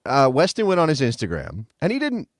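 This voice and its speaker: A man co-hosting a casual sports podcast chat, jokey and animated, laughing often. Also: mid-range voice, a little fast, no echo, studio quality. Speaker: co-host.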